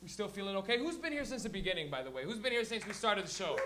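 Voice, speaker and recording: A man's voice: high voice, expressive, very fast, background noise. A man doing crude, rambling live stand-up comedy as host, acting out characters for a crowd. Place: comedy venue before a live audience.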